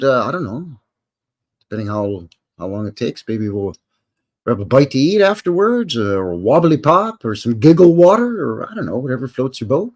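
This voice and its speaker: Folksy older Canadian man, lively voice. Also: mid-range voice. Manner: rambling, folksy and jokey, with slangy asides. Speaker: livestream host. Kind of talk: casual live chat.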